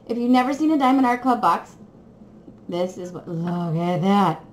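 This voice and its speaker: A crafting vlogger gushes excitedly to viewers during a casual unboxing, giggling as her pitch swoops up and down at a moderate pace. The room sounds echoey, with a faint hiss in the background.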